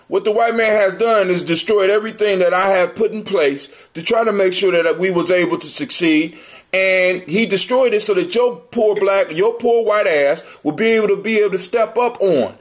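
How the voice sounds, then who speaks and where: High-voiced man ranting, profane and mocking. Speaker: livestream host. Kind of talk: heated livestream rant.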